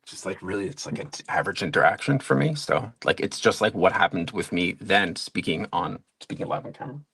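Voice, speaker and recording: A man's voice: sits low, expressive, a little fast, gravelly, fairly bright tone, breathy edge. A man chatting casually, rambling with lots of fillers and poking fun at himself. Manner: rambling, self-deprecating, many fillers. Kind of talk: casual chat.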